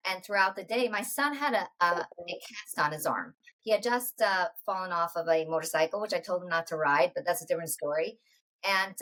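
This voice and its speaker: A woman in her forties, a podcast guest, telling a personal story in a halting way, full of restarts and quoted dialogue. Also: lowish voice, sharp tone, low-quality recording. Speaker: interview guest.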